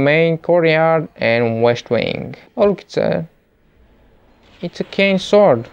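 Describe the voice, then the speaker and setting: A man giving jokey let's play commentary, with excitable, panicky outbursts. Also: a little high, slow, creaky, smooth, highs cut off. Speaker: gamer.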